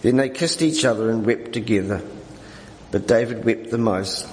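A man reading scripture aloud during a church service, in a measured, steady way. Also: lowish voice. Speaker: scripture reader. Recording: echoey hall with faint noise.

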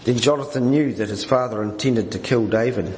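A man reading scripture aloud during a church service, in a measured, steady way. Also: medium pitch. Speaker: scripture reader. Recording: echoey hall with faint noise.

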